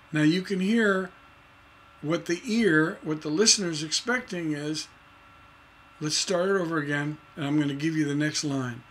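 A middle-aged man leads a livestreamed songwriting lesson. His voice sits a touch high. He explains in a rambling way, full of "uh" and restarts, and he breaks into sung nonsense syllables to show rhythms. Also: moderate pace, a bit bright, slight background noise. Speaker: songwriting instructor.

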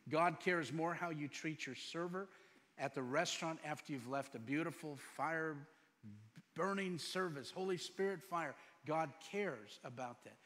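A middle-aged man preaching a sermon as pastor, firing off rhetorical questions and moving between loud emphatic lines and quiet storytelling. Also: a little high, measured pace. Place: church sanctuary. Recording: long hall reverb.

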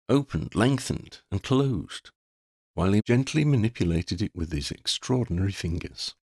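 A man narrating a fantasy story in an expressive, playful storybook reading. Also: low voice, gravelly, no echo, studio quality. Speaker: audiobook narrator.

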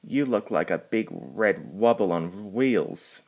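A man's voice: low voice, lively intonation, slow, creaky, darkish tone, exaggerated voice. A man reading aloud, voicing a friendly little male steam engine in a storybook, in a plain, friendly way.

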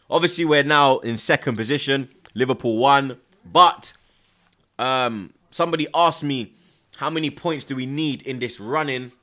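A young man hosting a live football watchalong, excitable and repetitive, taunting rival fans. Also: medium pitch. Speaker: host of a football watchalong stream. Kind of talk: live fan reaction stream.

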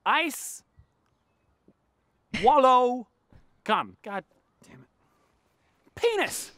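A woman playing a weary female town greeter in a fantasy game, deadpan and exasperated. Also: sits high, drawn-out words, dry recording, clean studio sound, heavily acted.

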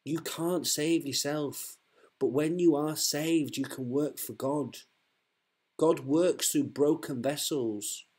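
Husky man, slightly high, earnest street preacher who keeps circling back on his words. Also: slow, darkish tone. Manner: fervent, repetitive, restarts mid-sentence.

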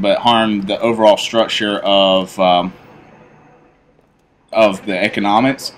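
A man in his twenties telling a personal story in a casual, rambling way, full of fillers and restarts, growing animated as he recounts it. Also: lowish voice, slow, long pauses, slight background noise. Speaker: YouTuber telling stories. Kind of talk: casual storytelling over gameplay.

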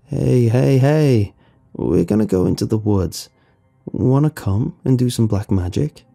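A man's voice: medium pitch, sing-song, measured pace, gravelly, mellow, soft background music, heavily acted. A man voicing a drunk young man who hisses and slurs his words in a horror story reading. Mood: slurring. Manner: hissing, slurred.

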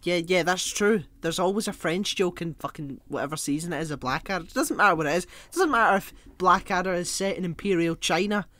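A man's voice: high-pitched, fairly quick, hardly any pauses, bright, forceful tone. A man co-hosting a podcast, chatting casually in a jokey, sweary way. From Britain. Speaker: podcast co-host. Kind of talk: casual chat.

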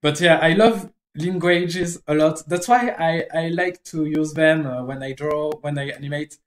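A native French speaker with a French accent, chatting casually in halting English while drawing on a stream, often stopping to search for words. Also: mid-range voice.

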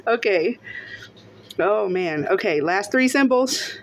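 A woman narrating casually as she scratches lottery tickets, often breaking into excited exclamations and laughter. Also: mid-range voice, drawn-out words.

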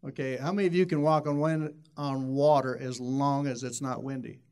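A man's voice: medium pitch, unhurried, a little mellow. A man preaching a sermon in an emphatic, repetitive way, often restarting phrases and acting out quoted voices.

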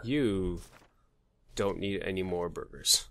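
A man's voice: deep voice, slow pace, creaky, fairly bright tone. Crude joking gaming host, man. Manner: crude joking, mutters names and numbers while playing. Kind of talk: let's play commentary.

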